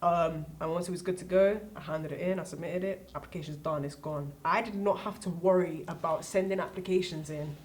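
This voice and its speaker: Brief: lowish, quick teen girl, emphatic advice-giver. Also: steady tone, darkish tone. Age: late teens. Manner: emphatic, repeats points, asks rhetorical questions. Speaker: student guest. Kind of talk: casual advice chat.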